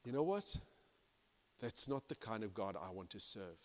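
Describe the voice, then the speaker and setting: A man preaching a sermon as pastor, swinging from hushed to loud and acting out the people in his stories. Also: lowish voice, normal speed, pauses often. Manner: animated, swings from hushed to loud, acts out quoted characters. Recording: long reverb of a large hall.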